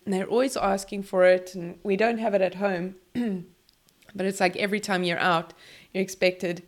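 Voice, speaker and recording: Woman, podcast host, casual chat, enthusiastic, mid-pitched voice. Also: fairly even intonation, normal speed. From South Africa. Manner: enthusiastic, repeats words, restarts.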